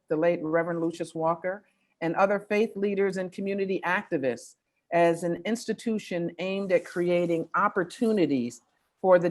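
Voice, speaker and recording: A woman leading an organization speaks at an online forum in an earnest, measured way, slowing down for emphasis. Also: on the low side. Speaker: executive director of a faith-based organization.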